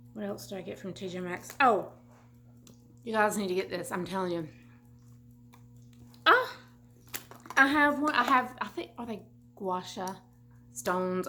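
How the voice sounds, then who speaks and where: A chatty woman talks through a shopping haul at home, full of asides and restarts. Her voice sits at a middle pitch. Faint music plays under her talk. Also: fairly bright tone. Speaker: vlogger. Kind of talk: casual haul chat. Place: home room.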